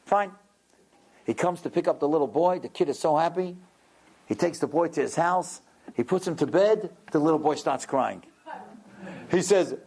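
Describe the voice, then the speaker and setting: A man gives a religious lecture as a storyteller, slipping into the voices of the people in his story. His fairly high voice rises and falls with lively animation. He slows for the points he wants to stress. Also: creaky, husky. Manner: dramatic storyteller who acts out characters. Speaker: rabbi lecturer.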